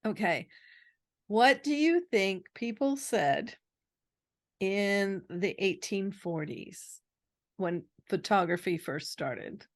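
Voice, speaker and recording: A woman's voice: medium pitch, expressive, slow, dry recording, studio quality. A woman co-hosting a casual chat podcast, quizzing her co-host with trivia and laughing often.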